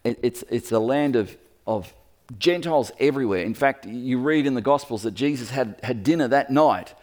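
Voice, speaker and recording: A man preaching a sermon in a lively storytelling manner, speaking to the room as he points at a map. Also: medium pitch, normal speed. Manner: lively storytelling, acts out quoted voices.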